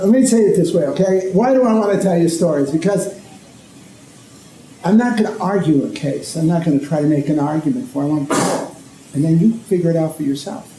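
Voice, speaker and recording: A man's voice: a little high, dark tone. A man from Connecticut, a priest and ethicist, giving an informal lecture and checking in with his listeners as he goes. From Connecticut, USA. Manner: conversational, checks in often with "okay?". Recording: echoey hall, faint background noise.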